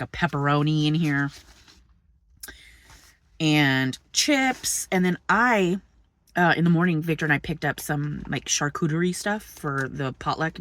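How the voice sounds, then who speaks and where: A woman's voice: sits low, a bit bright, dry recording. A woman vlogging in a chatty storytelling way, swearing freely, laughing often and jumping between subjects. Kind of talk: casual storytelling vlog.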